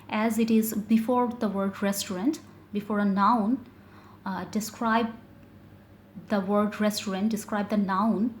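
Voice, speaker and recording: Woman teacher going through grammar online, lots of uh and sorry, echoey room, bit of hiss. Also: mid-range voice. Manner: explains step by step with many fillers and self-corrections. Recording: echoey room with faint noise.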